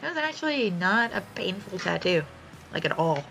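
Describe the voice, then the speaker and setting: A young woman streamer talks casually while she draws, with a lively, swooping delivery and a gravelly edge of vocal fry. Her voice is bright, and she swears freely and laughs her way through animated stories. Faint music plays behind her. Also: medium pitch, moderate pace, rough recording. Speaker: art streamer.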